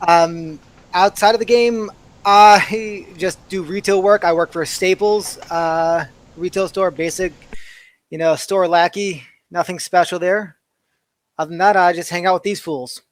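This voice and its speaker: Higher-voiced easygoing man. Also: steady tone, unhurried. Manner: easygoing, explanatory. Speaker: player. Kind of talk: casual self-introduction.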